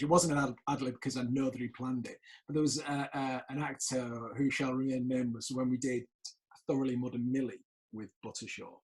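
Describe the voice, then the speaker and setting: A man's voice: medium pitch, a little mellow, rough recording. A man hosting a casual podcast chat, telling theatre stories animatedly and laughing often. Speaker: podcast host.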